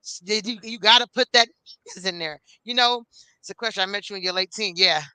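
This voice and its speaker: A woman's voice: mid-range voice, fast, sharp tone, clear, resonant tone, no room sound. A woman in her forties co-hosting a casual chat, blunt and profane, telling stories with animation. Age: 40s. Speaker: co-host.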